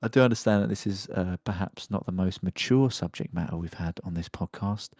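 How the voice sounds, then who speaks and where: A man's voice: low-pitched, brisk, darkish tone, no room sound, studio quality. A man hosting a casual podcast, joking and rambling while reading a news story aloud. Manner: joking, rambling, laughs often. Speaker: podcast host.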